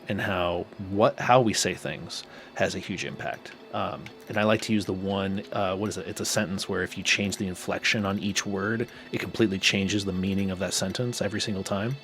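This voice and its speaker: A man's voice: deep voice, vocal fry, fairly bright tone. A man co-hosting a podcast as a therapist, talking loosely and chattily with lots of fillers. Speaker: co-host, therapist. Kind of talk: casual podcast chat.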